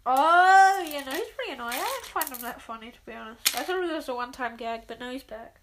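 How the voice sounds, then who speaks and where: A woman's voice: sits high, animated, quick pace, very noisy. A woman rambling in casual chat with lots of "like" fillers while building a set with a friend.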